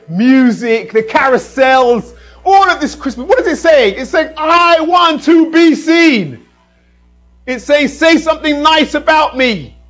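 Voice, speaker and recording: A man delivers a sermon in a fairly high, husky voice. He preaches with animation, rising to loud emphasis and then dropping to a hush. Faint music plays softly behind him. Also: poor audio.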